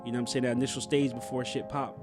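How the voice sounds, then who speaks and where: A man's voice: mid-range voice, little pitch movement, racing, over music. Laid-back slangy male podcast host. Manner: laid-back, slangy, many fillers and restarts. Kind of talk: casual podcast chat.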